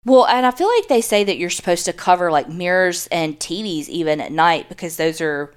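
A woman's voice: lowish voice, animated, brisk, clean tone. A woman, co-hosting a podcast, reading a listener's ghost story aloud and then joking bluntly. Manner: blunt and jokey, swears casually. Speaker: podcast co-host.

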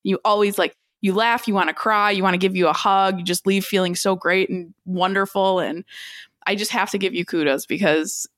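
A woman hosting a podcast interview who talks warmly and effusively, heaping praise on her guest. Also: medium pitch, steady tone, normal speed, no room sound, clean studio sound. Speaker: podcast host. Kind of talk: casual interview chat.

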